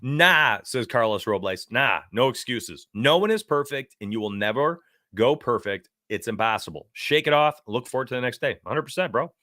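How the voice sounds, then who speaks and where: A brash man hosting a sports betting livestream, with a bright, forceful voice. He rambles and reads chat aloud in a dry, close-miked sound with no room echo. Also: medium pitch, lively intonation, moderate pace. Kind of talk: casual livestream talk.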